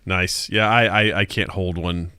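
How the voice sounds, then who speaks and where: A man's voice: deep voice, steady tone, moderate pace, sharp tone, smooth, dry recording, clean studio sound. A man from Missouri, hosting a podcast in loose, rambling, jokey chat full of filler words. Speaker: podcast host.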